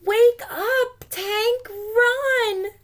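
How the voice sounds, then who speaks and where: A woman voicing an excitable, bossy highlighter marker in a storybook, loud and urgent. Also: takes it slowly. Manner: loud and urgent, high-pitched.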